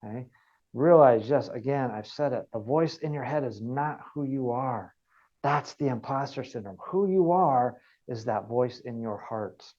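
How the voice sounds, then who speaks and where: A man's voice: mid-range voice, a little slow, darkish tone, lo-fi sound. A man giving an online wellness training, earnest and repeating key points for emphasis. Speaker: wellness coach.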